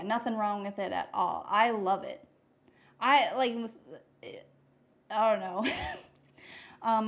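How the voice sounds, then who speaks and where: Chatty young woman streaming while drawing. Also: mid-range voice. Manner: chatty, rambling, reads chat aloud. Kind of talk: casual chat while drawing.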